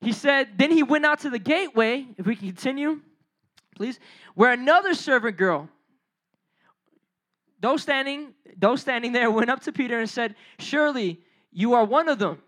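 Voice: mid-range voice, animated, normal speed, pauses often, fairly bright tone. A preacher giving a casual, conversational sermon, retelling a Bible story in slang, acting out the characters' lines and putting questions to the listeners. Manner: asks the audience questions and addresses them directly.

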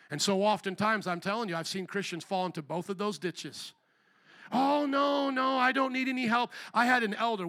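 Preaching with high-pitched energy, this pastor voices small quoted characters and calls out to the people in the pews. His whole delivery is animated.

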